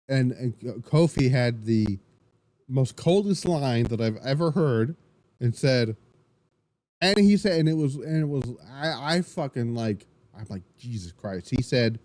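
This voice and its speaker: A man hosting a wrestling podcast, recapping the show in an excitable, rambling way, full of restarts and swearing. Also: mid-range voice, measured pace, no echo. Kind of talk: casual solo recap.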